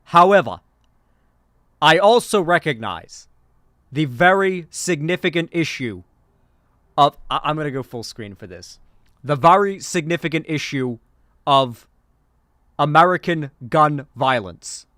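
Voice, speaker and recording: A man doing an impression of an older male politician, declaiming loudly and hammering each point. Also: fairly high pitch, expressive, measured pace, pauses often, dry recording, studio quality. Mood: emphatic.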